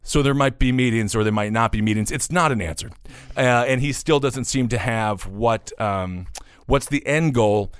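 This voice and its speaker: A man's voice: mid-range voice, normal speed, clear, resonant tone, no room sound. Man, political commentary host, sarcastic and opinionated, dry room. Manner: sarcastic, opinionated, many fillers. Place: New York.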